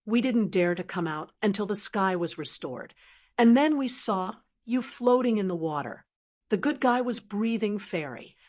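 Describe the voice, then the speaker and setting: A woman's voice: mid-range voice, normal speed, close to an everyday voice. A woman reading the lines of an eager young male villager in an audiobook, in an earnest tone. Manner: excited and earnest.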